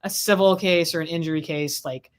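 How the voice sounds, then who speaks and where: A woman's voice: lowish voice, fairly even intonation, brisk. A woman hosting a casual talk about a court trial, chatty and rambling with frequent restarts, speaking over a video call. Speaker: legal affairs host.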